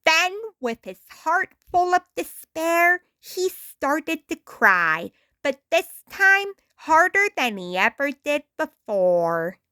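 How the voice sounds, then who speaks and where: A woman reading a storybook aloud with a deliberate, expressive storytelling manner. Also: high voice, no room sound, studio quality. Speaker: storytime reader.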